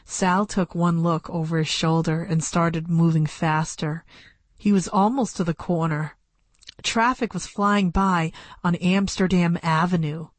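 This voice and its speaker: A woman reading a first-person story aloud as an audiobook narrator, in a plain, measured storytelling manner, close to a studio mic. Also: lowish voice, fairly even intonation, dry recording.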